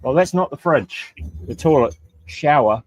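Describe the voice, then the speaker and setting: A man's voice: on the high side, expressive, measured pace, no echo. A man on a casual livestream panel, joking and mocking, speaking to the chat. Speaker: panel guest.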